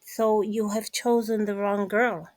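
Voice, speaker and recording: A woman vlogger talks to her viewers in an emphatic, repetitive way, leaning on each point. Her delivery is slow and deliberate, at a mid pitch, and the recording sounds close and dry. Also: flat delivery, a little mellow, dry recording, rough recording. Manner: emphatic and repetitive, addresses listeners directly. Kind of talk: casual commentary monologue.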